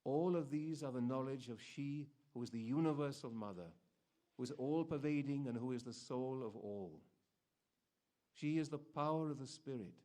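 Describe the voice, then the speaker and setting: A man giving a slow, measured, solemn devotional recitation of scripture at a spiritual gathering. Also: medium pitch, warm tone. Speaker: reader at a devotional program.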